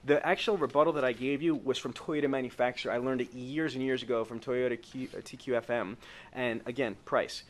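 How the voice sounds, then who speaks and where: A man's voice: medium pitch, steady tone, fairly quick. A man running a live sales training with role-play, coaching in an emphatic way that stretches key words and keeps checking the group agrees.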